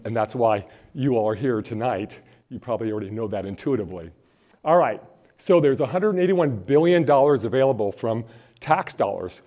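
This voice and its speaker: Into a handheld or stand mic, a college financial aid presenter from Phoenix, Arizona, gives a live workshop on college costs to a room full of people. His mid-range, dark-toned voice is casual as he rambles a bit and trades jokes with the audience.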